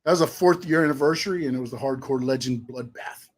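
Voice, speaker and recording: A middle-aged man co-hosting a live show, casually reminiscing and running through names in a quick list. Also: mid-range voice. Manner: reminiscing, lists names rapidly. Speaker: co-host, wrestling promoter.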